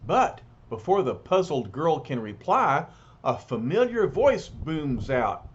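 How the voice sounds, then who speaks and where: A man's voice: on the high side, sing-song, slow pace, lo-fi sound, slight background noise. A man reading a comic book aloud and narrating it, with chatty asides between the lines. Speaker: reader.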